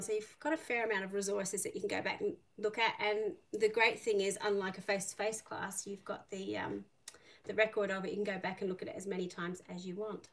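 A woman's voice: medium pitch, a bit bright. A middle-aged woman with an Irish lilt blended with an Australian accent teaches a live online craft class. She chats freely and greets viewers by name between instructions. Her voice sits a little back from the mic, with a faint hiss behind it. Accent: Irish mixed with Australian. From Northern Ireland. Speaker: art teacher. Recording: slightly distant mic, faint noise.

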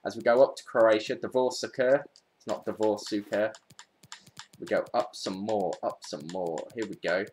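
A man's voice: fairly low pitch, moderate pace, a little hiss or hum. A man giving casual, chatty commentary over a video game pack opening, talking straight to his viewers as he goes. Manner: chatty, excitable, talks to viewers while searching. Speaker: gaming YouTuber.

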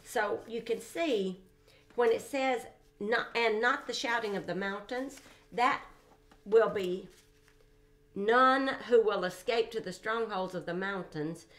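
A woman teaching a verse-by-verse Bible study in an emphatic way, repeating phrases for stress and breaking in with soft exclamations between readings. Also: medium pitch, takes it slowly.

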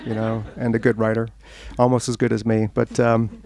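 A man's voice: mid-range voice, moderate pace, gravelly. A man, an author, telling humorous stories to an audience at a bookstore event, acting out the voices of the people in his tales. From United States. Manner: animated, acts out quoted voices, self-deprecating jokes. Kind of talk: humorous storytelling talk.

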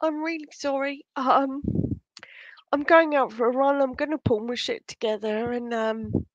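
A woman's voice: sits high, a little slow, no room sound, dull audio. A woman vlogger ranting casually, agitated and shaken, swearing heavily and stumbling over restarts. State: angry and shaken. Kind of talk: casual unscripted vlog rant.

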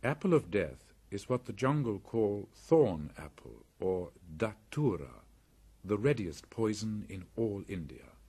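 A man reading a classic story aloud as an audiobook narrator, in slow, deliberate storytelling. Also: fairly low pitch, sing-song, dark tone, slightly rough.

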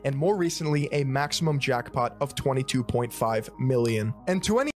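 A man reads a scripted video essay in a steady, critical voice at a middle pitch. Quiet music runs softly underneath him. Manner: critical, measured delivery. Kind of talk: scripted narration. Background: faint music.

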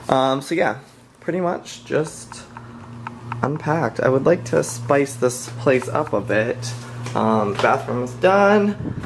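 A man's voice: lively intonation, unhurried, a little hiss or hum. A young man in casual vlog chat, chatty and jokey, with lots of fillers. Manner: chatty, filler-heavy, jokey, squeals into falsetto bits. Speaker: vlogger. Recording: music bed under the voice.

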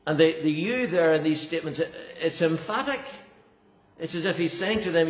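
A man's voice: a little high, lively intonation, normal speed. A man preaching a sermon as pastor, earnest and emphatic, often repeating words for stress. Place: church. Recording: echoey church hall.

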